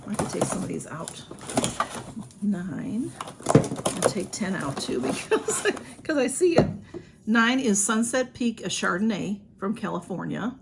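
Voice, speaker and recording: A woman's voice: mid-range voice, big pitch swings, unhurried, vocal fry, very noisy. A woman, chatting casually through an unboxing with lots of ums and restarts. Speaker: vlogger. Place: home room with a ring light.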